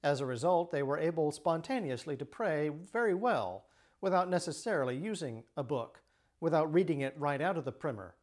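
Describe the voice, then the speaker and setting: A middle-aged priest giving a measured, explanatory lecture on Christian teaching. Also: male voice, a little high, expressive, a little mellow.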